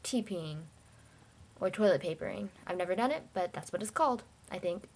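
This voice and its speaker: A woman's voice: fairly low pitch, animated, fairly quick, darkish tone. A young woman from China, talking casually and reading out a word list for her vlog, hesitant with many fillers.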